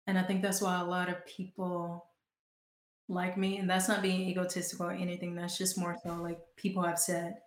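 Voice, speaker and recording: Casting: young Southern woman from Georgia, chatty interview guest, fairly flat delivery, echoey room sound. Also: on the low side, brisk. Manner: chatty, frequent "like" fillers. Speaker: guest, performing artist and author. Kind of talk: casual interview talk.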